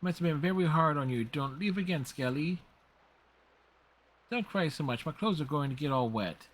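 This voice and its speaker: A man voicing a tender, doting old grandmother who speaks softly and soothingly in a game reading. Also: on the high side, lively intonation, moderate pace, a little hiss or hum, natural voice. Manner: soft, soothing.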